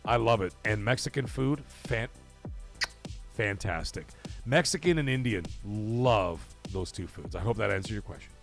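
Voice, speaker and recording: Middle-aged guy streaming from home, swears a lot, very lively up and down voice. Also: fairly low pitch, moderate pace, gravelly, faint music behind. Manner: animated, swearing, reads out donations loudly. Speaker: livestream host. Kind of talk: casual livestream chat.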